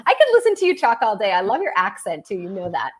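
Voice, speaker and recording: A woman's voice: medium pitch, very animated, fast. A Canadian woman, a business coach and author, chatting in a bubbly way as a podcast guest. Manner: bubbly, laughs often, chatty. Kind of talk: casual interview chat.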